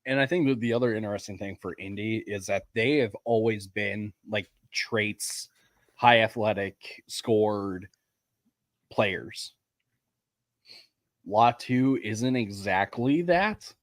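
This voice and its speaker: Casting: lower-pitched male podcast co-host, relaxed chatty talk, dry close mic. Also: dry recording. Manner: chatty and laughing, quick opinions. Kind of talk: casual draft-reaction chat.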